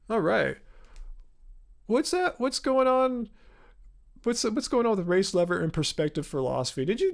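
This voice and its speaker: A man's voice: on the high side, creaky. A man from the United States hosting a live Q&A stream, talking in a loose, rambling way full of fillers. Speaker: host.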